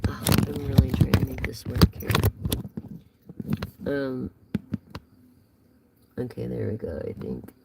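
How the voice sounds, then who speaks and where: A woman's voice: very deep voice, very animated, takes it slowly, gravelly, pauses often, heavy background noise. A woman giving a casual live tarot reading, chatty and rambling as she talks straight to her viewers. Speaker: tarot reader.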